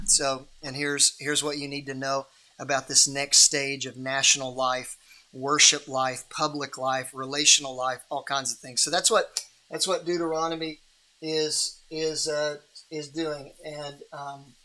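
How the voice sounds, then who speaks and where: Guy hosting a bible reading stream, bright voice, a bit high, rambly and friendly, lots of ums. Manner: rambling, friendly, many restarts and fillers. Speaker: host of a livestream Bible reading. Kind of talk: casual livestream hosting and Bible overview.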